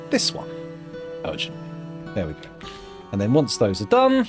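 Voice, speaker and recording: A man's voice: on the low side, huge pitch swings, normal speed, pauses often, over music. A man streaming a game, chatting casually and thinking aloud with dry, self-mocking asides. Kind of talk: casual live-stream commentary while playing.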